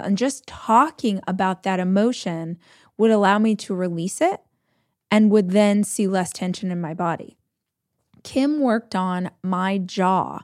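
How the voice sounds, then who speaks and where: A woman's voice: mid-range voice, normal speed, a little mellow, no room sound. Chatty woman podcast host, dry close sound. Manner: chatty storytelling, acting out quoted voices, frequent "like". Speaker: podcast host giving advice. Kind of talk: casual advice chat.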